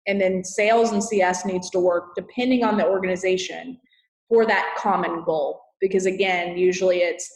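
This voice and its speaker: Texan woman, podcast guest, earnest and emphatic, mid-pitched, echoey room. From Texas. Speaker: guest, customer success consultant. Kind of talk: podcast interview. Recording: roomy echo.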